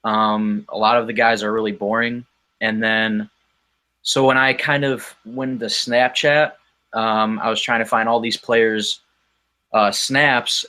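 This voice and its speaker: Bright-voiced man telling a rambling story. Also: fairly low pitch. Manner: rambling, with frequent ums and restarts. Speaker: guest. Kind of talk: casual conversational storytelling.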